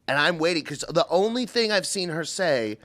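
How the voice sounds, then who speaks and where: Animated man telling a story. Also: moderate pace. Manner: animated, acts out quotes in high voices, laughs often. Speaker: podcast host. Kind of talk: casual storytelling chat.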